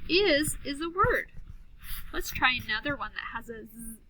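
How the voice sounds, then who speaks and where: Female first grade teacher; unhurried, clear sounding-out of words; bright, crisp tone. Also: sits high, animated, slight background noise, poor audio. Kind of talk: recorded phonics lesson for young children. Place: classroom.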